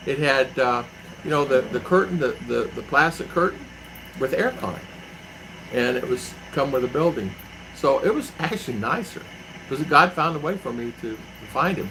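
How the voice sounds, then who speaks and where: A man's voice: medium pitch, pushed and bright, a little hiss or hum, poor audio. A middle-aged man hosting a live stream from home, telling rambling stories and answering viewers by name. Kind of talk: casual live-stream chat. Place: home in the Philippines.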